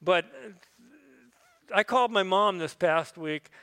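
A middle-aged man preaches from the pulpit in a relaxed, folksy way, his speech dotted with fillers and restarts. His voice sits a little high and rings bright. Long reverb from the church sanctuary trails behind each phrase. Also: slow pace, clear, resonant tone. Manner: folksy, conversational with frequent fillers. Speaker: pastor. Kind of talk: sermon.

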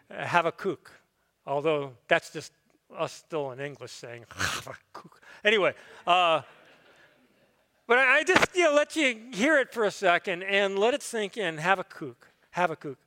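A man's voice: high-pitched, bright, forceful tone, clear, resonant tone. A middle-aged man preaching a sermon as pastor, folksy and conversational with frequent fillers, in a church sanctuary. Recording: long hall reverb.

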